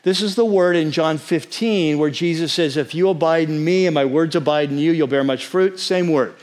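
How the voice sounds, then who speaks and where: A man preaching a sermon as pastor, earnest and conversational, often checking in with his listeners and slowing down to stress key words. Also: on the high side, a little mellow. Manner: spells out words and slows for emphasis.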